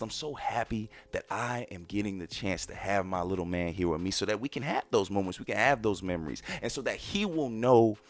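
A man in his thirties hosting a podcast, talking casually and emphatically to his listeners and repeating his phrases for effect. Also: on the low side. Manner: emphatic and repetitive, often addressing ladies and gentlemen. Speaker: podcast host.

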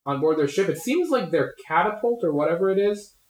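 Rather high-pitched young man in an echoey room, running a tabletop game in a loose, casual way. He explains the rules with plenty of fillers. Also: expressive, brisk. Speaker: game master.

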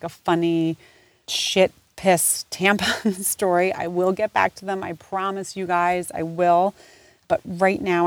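A woman's voice: fairly low pitch, darkish tone, no echo. A woman in her forties hosting a casual personal podcast, talking candidly and emotionally about family, swearing freely and rambling with restarts. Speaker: podcast host.

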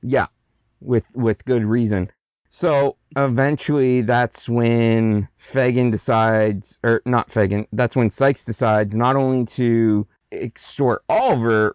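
A man's voice: medium pitch, clean tone, no echo, clean studio sound. A man co-hosting a podcast, casually retelling a movie plot with frequent restarts and laughs. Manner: rambling, restarts, laughs often. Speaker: podcast co-host. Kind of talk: casual movie recap chat.

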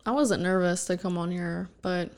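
A woman guest on a podcast speaks in a slightly low voice. She laughs often and keeps the chat loose and casual. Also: fairly even intonation, normal speed. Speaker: podcast guest, host's fiancée. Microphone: headphones and studio mic.

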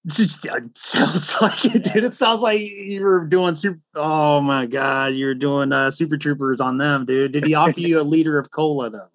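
A man's voice: fairly high pitch, fairly even intonation, normal speed, hardly any pauses, no room sound. A man hosting a casual interview, laid-back and laughing easily, calling his guest "dude.". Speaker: podcast host.

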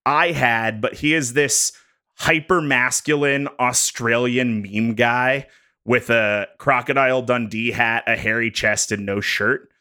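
A man on a podcast walking co-hosts through prepared bullet points in a jokey, animated way. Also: mid-range voice, unhurried, clear, resonant tone. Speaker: podcast host presenting research. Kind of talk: casual podcast chat.

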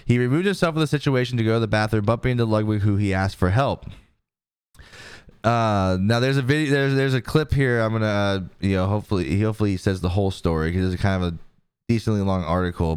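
A man's voice: fairly low pitch, fast talker, darkish tone, clear, resonant tone, dry recording, studio quality. A man hosting a podcast, casually reading news articles aloud with frequent ums and restarts. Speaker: podcast host.

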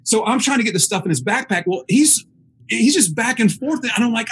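A man's voice: very high-pitched, brisk, a little hiss or hum. A man telling a funny story in a casual chat, acting out the voices of others and laughing as he goes. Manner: animated, acts out the voices of others.

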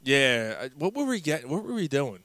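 A man with a bright, forceful voice tells bar stories in an easygoing, animated way. He laughs often and acts out his friends' lines. The sound is dry and close. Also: a little high, fairly quick, no room sound. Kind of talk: casual storytelling chat.

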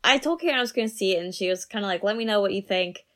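A woman in her thirties co-hosting a casual film podcast, rambling in a relaxed way with lots of fillers. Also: medium pitch, very fast. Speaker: podcast co-host. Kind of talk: casual movie review chat.

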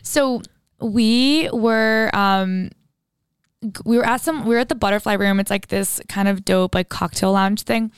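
A woman's voice: medium pitch, a little slow, clean tone, dry recording. A young woman in her twenties chatting casually as a podcast co-host, full of "like" and "literally" as she tells stories with lots of energy. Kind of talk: casual chat.

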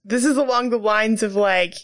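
A woman's voice: medium pitch, normal speed. A woman in a casual chat, teasing her co-host and laughing along.

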